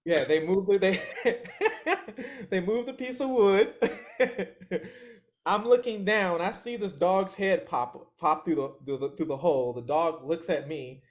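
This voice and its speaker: A man with a slightly raised voice tells a story as an interview guest. He keeps it loose and animated, laughs often, and slips into quick voices for other people's lines. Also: high-pitched. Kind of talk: casual storytelling.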